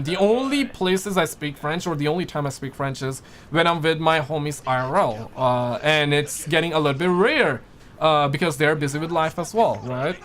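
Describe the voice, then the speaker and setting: A young man from Quebec hosting a casual livestream, chatting loosely and reading viewers' messages aloud. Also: on the high side. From Quebec, Canada. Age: young adult. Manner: relaxed, chatty, reads chat aloud. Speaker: livestream host.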